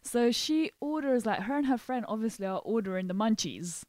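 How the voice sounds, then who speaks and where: A young woman hosting a podcast, telling work stories in a casual, animated way and acting out what people said. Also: fairly high pitch, fairly quick, no echo. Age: young adult. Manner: animated, acts out quotes, laughs often. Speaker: podcast host. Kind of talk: casual storytelling chat.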